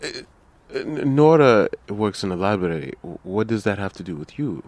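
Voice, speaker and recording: A man playing a tabletop game, speaking in a teasing, deadpan way. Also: fairly low pitch, normal speed, no echo. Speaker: player. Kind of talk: casual role-play banter.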